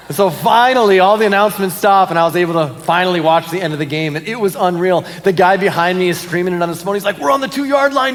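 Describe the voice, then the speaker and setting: A man's voice: high-pitched, long reverb tail. A man, a pastor giving casual announcements and stories in a church service. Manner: casual, animated storyteller with fillers and laughs. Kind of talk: sermon announcements and storytelling. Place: church auditorium.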